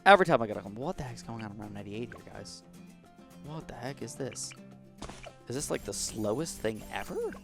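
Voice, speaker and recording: A man's voice: mid-range voice, big pitch swings, a little fast, vocal fry, fairly bright tone, soft background music. A man in his twenties chatting casually over gameplay, rambling through a story and acting out what people said. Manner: chatty, rambling anecdotes with acted-out quotes. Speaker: gaming YouTuber.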